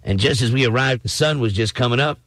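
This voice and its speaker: A former radio DJ telling an anecdote in an interview, in an animated, boastful way. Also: male voice, mid-range voice, quick pace, no room sound.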